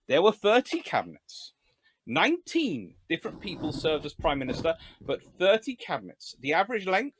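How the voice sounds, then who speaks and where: A man giving a live-streamed history lecture. He talks in an animated, joking way and often wanders into digressions. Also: high-pitched, dry recording. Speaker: history lecturer and channel host.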